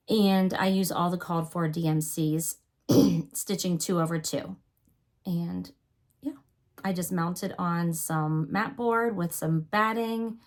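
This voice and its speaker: A woman hosting a cross-stitch video, chatting casually with a cough and a sore throat, often apologizing and gushing over her finishes. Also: lowish voice. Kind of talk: casual show-and-tell chat.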